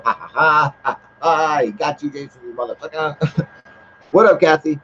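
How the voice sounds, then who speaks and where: A man hosting a casual livestream, a little high and drunk, swearing constantly and reading the chat aloud. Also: a little slow, lo-fi sound, a little hiss or hum. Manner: heavy swearing, laid-back, reads chat aloud. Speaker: livestream host.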